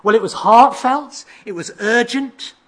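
A preacher with a husky, slightly breathy voice walks through a passage verse by verse. The delivery poses rhetorical questions and now and then stumbles into fillers before picking up the thread. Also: mid-range voice, unhurried. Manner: expository, asks rhetorical questions, reads out verses; occasional hesitant fillers and restarts. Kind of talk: sermon.

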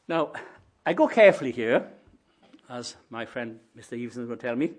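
A preacher, a man, delivering a sermon, shifting between quiet reflective musing and loud rising proclamation. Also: mid-range voice, sing-song, normal speed.

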